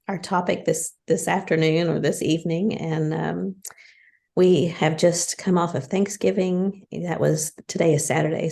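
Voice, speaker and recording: A woman hosting a podcast in casual chat, hoarse with a frog in her throat, chatty and conversational. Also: dark tone. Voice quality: deep and husky. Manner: chatty, conversational, many restarts. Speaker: podcast host.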